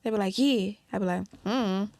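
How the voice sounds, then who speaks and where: Animated young Detroit woman, gravelly. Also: medium pitch, no echo. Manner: animated, quick to laugh, acts out people's lines. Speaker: guest musician. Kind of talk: casual interview chat.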